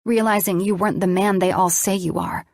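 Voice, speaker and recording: A woman reading the lines of a jealous young woman who accuses her lover, sharp and cold. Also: medium pitch, steady tone, a little fast, dry recording, clean studio sound, lightly acted. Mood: accusing.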